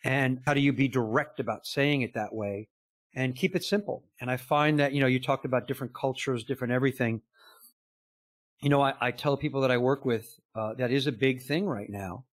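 A middle-aged man speaks as a business coach being interviewed, earnest and conversational, acting out quoted lines as he tells his stories. His voice sits in an ordinary middle pitch. The sound is dry, with no room echo. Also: fairly quick. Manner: earnest, storytelling with quoted dialogue and frequent "you know".

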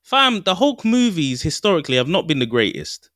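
A young man co-hosting a laid-back podcast, talking with an animated voice that swings up and down. He sounds playful and relaxed. The recording is close and dry. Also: fairly high pitch, brisk, dry recording. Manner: animated, laughing, mimics voices for jokes. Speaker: podcast co-host. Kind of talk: casual chat.

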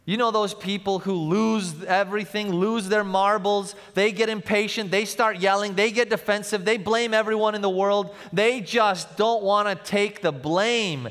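A young man, a pastor, preaching a sermon with personal stories, animated and shifting between loud passages and hushed, tender ones. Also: sits high, normal speed, few pauses, in a large hall.

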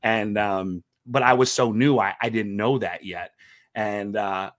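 A man telling stories in a casual interview as a comedian guest, animated, laughing often and restarting his words. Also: on the low side, measured pace, no echo, studio quality.

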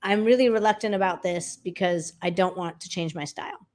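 Animated woman vocal coach. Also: on the low side, brisk. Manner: animated, demonstrates by singing snippets. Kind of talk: casual interview talk.

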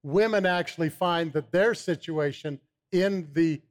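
A man's voice: fairly high pitch, measured pace. A man, a guest on a talk show, eagerly explaining a supplement, often repeating his first words. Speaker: supplement company founder, guest.

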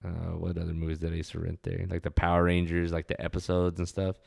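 A man's voice: deep voice, monotone, fast talker, vocal fry, darkish tone. A young man telling laid-back, profane stories from his hometown. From West Texas. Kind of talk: casual storytelling monologue.

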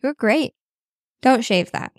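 A woman's voice: fairly high pitch, expressive, takes it slowly, gravelly, no echo, studio quality. A woman co-hosting a podcast, chatting casually and playfully with her husband, filling her talk with "like". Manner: chatty and playful, heavy use of "like". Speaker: podcast co-host.

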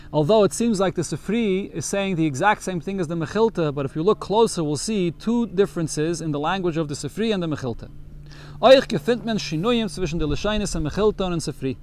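Man teaching a text lesson, somewhat high. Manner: reads Yiddish text aloud, then explains it in English. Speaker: Torah teacher.

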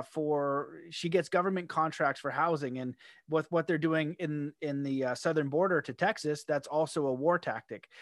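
A man from Canada talking in a rambling, animated way in a casual conversation, often laughing as he goes. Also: on the high side, dry recording, clean studio sound.

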